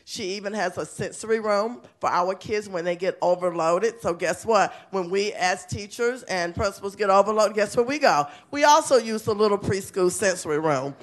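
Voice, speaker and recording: An enthusiastic woman principal speaking at a council meeting. She talks in a chatty, warm-hearted rush and often breaks into laughter. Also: medium pitch. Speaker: elementary school principal. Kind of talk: award presentation speech. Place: city council chamber.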